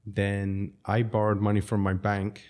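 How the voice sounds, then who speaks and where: Man from South Africa, low voice, podcast guest, casual rambling storyteller, laughs often. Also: monotone, measured pace, a little mellow. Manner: rambling, laughs between sentences.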